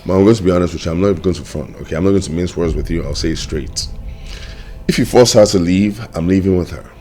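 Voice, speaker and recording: A man's voice: sits low, fast talker, warm tone. A man playing an exasperated son, speaking bluntly to his mother. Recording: echoey room with music.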